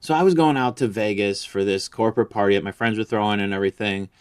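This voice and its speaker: Low-voiced man in a crude rant. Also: fast, darkish tone, clear, resonant tone. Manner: boastful, vulgar, rambling. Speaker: comedy vlogger.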